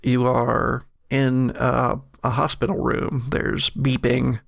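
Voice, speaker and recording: A man narrating a tabletop horror game as game master, measured and halting with vivid description. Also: medium pitch, level tone, gravelly, no echo, studio quality.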